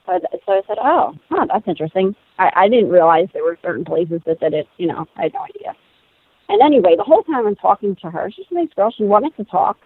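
A woman in her thirties tells a personal story in lively conversation, laughing and acting out what others said. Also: lowish voice, quick pace, husky. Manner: animated, laughing, acts out quoted voices. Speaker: guest telling a personal story. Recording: tinny phone-like sound.

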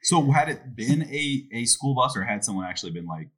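A man hosts a laid-back podcast interview in a husky, slightly rough voice. He asks curious follow-up questions in a relaxed way and keeps the chat easygoing. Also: medium pitch, fairly quick. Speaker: podcast host.

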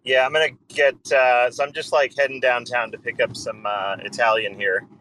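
A man's voice: mid-range voice, level tone, moderate pace, bright, forceful tone. Rambling man in a casual chat. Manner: rambling, many fillers. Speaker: co-host. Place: living room. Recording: noisy background.

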